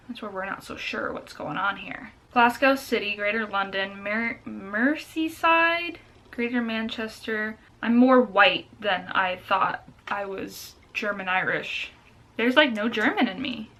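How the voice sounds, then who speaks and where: A young woman vlogging casually, chatty and excitable, reading out results and reacting aloud. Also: medium pitch.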